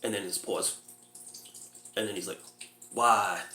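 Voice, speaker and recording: A man casually reviewing a low-budget horror movie, laughing often as he retells scenes and squeaks out the characters' lines. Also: level tone, moderate pace, a bit bright, roomy sound, a little hiss or hum.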